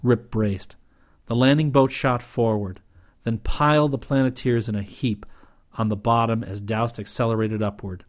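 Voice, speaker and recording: A man reading an adventure novel aloud in steady, even audiobook narration. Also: mid-range voice, moderate pace.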